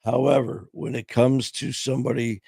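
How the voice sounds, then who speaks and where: Middle-aged guy hosting his stream, voice getting hoarse, loose and heartfelt, lots of "man" and "you know", mid-pitched. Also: little pitch movement, moderate pace, warm tone, dry recording. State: voice going hoarse. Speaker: podcast host. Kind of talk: casual live-stream chat.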